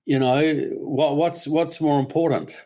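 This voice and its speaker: A man's voice: a little high, steady tone, measured pace, a little mellow. New man telling a story. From New Zealand. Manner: storytelling, repeats words as he builds a point. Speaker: guest commentator. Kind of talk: casual podcast conversation.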